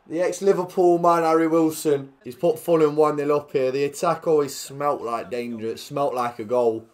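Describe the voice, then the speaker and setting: Young man, fairly high-pitched, jokey football game commentary with loud bursts. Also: normal speed, few pauses. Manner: jokey, swings between quiet play-by-play and loud excited outbursts. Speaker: gaming commentator.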